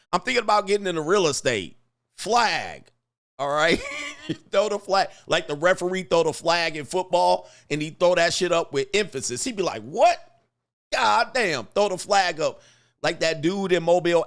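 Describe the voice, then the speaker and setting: A man's voice: fairly high pitch, fairly bright tone. A man hosting casual commentary, brash and slangy, chuckling often and hammering his punchlines. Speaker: commentary host.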